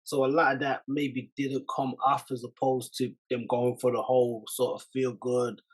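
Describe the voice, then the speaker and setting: A man with a slightly husky voice hosts a reaction podcast in a casual, reflective tone. He weighs each point and turns to his audience to ask for their thoughts. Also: medium pitch, level tone, rough recording. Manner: reflective, measured, speaks to viewers directly. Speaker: podcast host reacting to a clip. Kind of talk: casual commentary.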